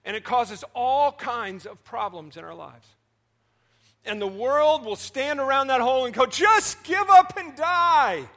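A man, the senior pastor, preaching a sermon with animated storytelling that swings between loud and soft. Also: very high-pitched, a little slow, gravelly.

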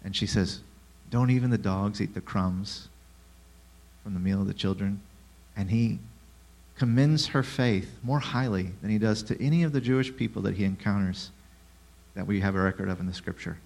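A man preaching a sermon who asks the listeners rhetorical questions, drops in sarcastic asides and swings between hushed and loud delivery. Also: on the low side, normal speed, vocal fry. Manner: rhetorical questions, lively shifts in loudness.

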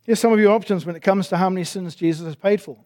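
A man's voice: high voice, fast talker, darkish tone. A male pastor preaching a sermon in a church, emphatic and asking his listeners many rhetorical questions.

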